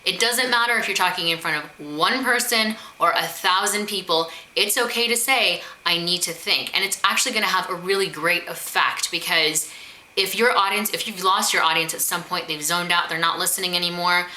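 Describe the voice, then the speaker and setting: A woman giving advice straight to the camera in a direct, emphatic way, often slipping into little acted-out phrases. Her voice sits a bit low but sounds very bright and sharp. The room around her rings with a noticeable echo. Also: fairly quick. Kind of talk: advice vlog. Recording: echoey room.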